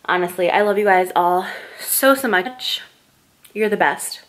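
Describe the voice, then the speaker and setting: A young woman vlogging to her camera at home at night, gushing and excitable, peppering her talk with "like". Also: mid-range voice, measured pace. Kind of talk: casual vlog talk to camera. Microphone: camera mic, handheld and tripod.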